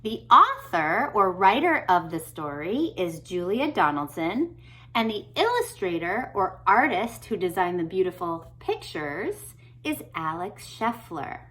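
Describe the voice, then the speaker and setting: Woman, speech therapist, read-aloud lesson, encouraging, slow. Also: on the low side, sing-song. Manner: gentle, encouraging, asks questions. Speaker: speech therapist reading to children.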